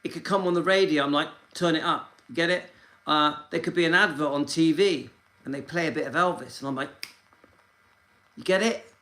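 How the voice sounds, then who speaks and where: A man's voice: fairly high pitch, fairly quick, bright, forceful tone, rough recording. A man hosting his own channel, talking casually and earnestly to camera, rambling and reassuring, recorded on a handheld phone. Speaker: channel host. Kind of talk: casual vlog talk to camera.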